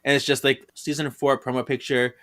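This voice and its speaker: A man's voice: mid-range voice, flat delivery, brisk, a bit bright. A man co-hosting a podcast in casual chat, chatty and laughing often as he talks. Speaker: podcast co-host.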